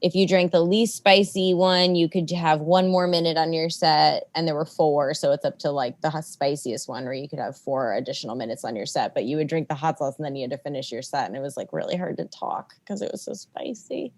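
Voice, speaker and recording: A woman with a fairly low voice chats as a podcast guest. She is candid and pokes fun at herself in an easygoing way. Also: fairly quick, few pauses, darkish tone. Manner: candid, self-deprecating. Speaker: comedian guest. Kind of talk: casual podcast chat.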